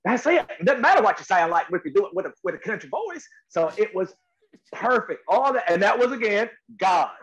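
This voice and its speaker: Emphatic high-voiced man telling stories. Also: fairly quick. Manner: lively, emphatic, acts out quotes in higher voices. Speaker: actor guest. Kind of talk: animated interview storytelling. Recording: slightly dull lo-fi audio.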